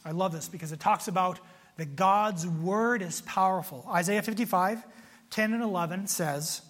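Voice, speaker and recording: A man preaching a sermon to a congregation in a conversational, animated way, with asides to the listeners. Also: sits high, normal speed, in a large hall. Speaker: pastor.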